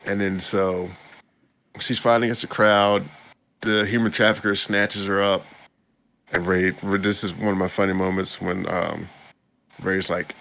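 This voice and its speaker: A man's voice: low-pitched, a little slow, gravelly, long pauses, a bit bright. A man hosting a podcast, recapping an anime episode in a rambling, chuckling way. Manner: rambling, with many restarts and chuckles. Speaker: podcast host. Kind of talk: casual anime recap chat.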